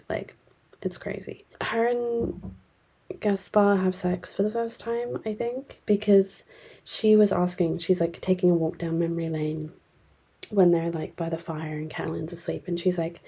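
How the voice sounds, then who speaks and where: A woman's voice: fairly low pitch, fairly even intonation, normal speed, creaky, mellow, breathy edge. A woman casually recapping a novel she read, rambling with lots of fillers and the odd whispered aside. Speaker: book reviewer.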